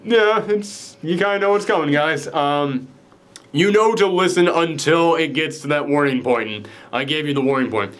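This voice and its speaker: A man's voice: on the high side, normal speed, a bit bright. A young man chatting through a film's ending with a friend in a loose, casual way, swearing now and then. He slips into quoted lines as he retells scenes, in his everyday speaking voice. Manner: loose, profane, acts out quotes. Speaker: film reviewer. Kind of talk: casual spoiler chat.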